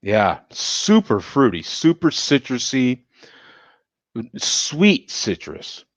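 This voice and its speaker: Slow, lively-voiced man reviewing a beer. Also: medium pitch, dry recording. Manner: relaxed, thinking aloud while sniffing and tasting. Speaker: beer review show host. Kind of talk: casual beer tasting review.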